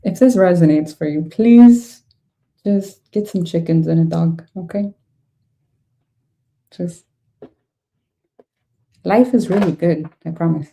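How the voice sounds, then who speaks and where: A woman's voice: fairly low pitch, takes it slowly, pauses often, mellow. Blunt, exasperated woman reading tarot. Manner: blunt, exasperated, swears freely. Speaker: tarot reader. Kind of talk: casual tarot reading to camera.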